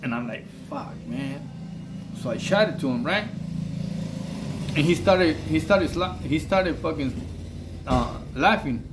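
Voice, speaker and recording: A man's voice: fairly high pitch, animated, unhurried, long pauses, background noise. A man telling a long story in a casual, rambling way, full of slang and fillers. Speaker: vlogger telling prison stories.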